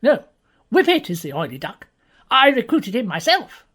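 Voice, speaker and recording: A woman's voice: fairly high pitch, big pitch swings, normal speed, fairly bright tone, slightly rough, heavily acted. A woman playing a bumbling, pompous navy captain. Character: pompous naval captain, blustering. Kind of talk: comedy audio play.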